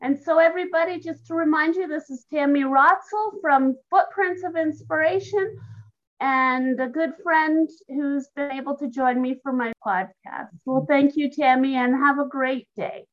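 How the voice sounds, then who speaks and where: High-voiced nervous woman host. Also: moderate pace. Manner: nervous, warm thanks, hesitant. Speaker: podcast host. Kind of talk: casual interview chat. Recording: dull lo-fi audio.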